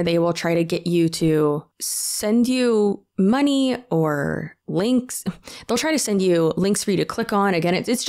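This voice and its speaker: A young woman in her twenties talking to camera as an online creator, telling stories in a casual, animated, jokey way. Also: fairly low pitch. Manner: animated, jokey, reads out texts in a sarcastic voice.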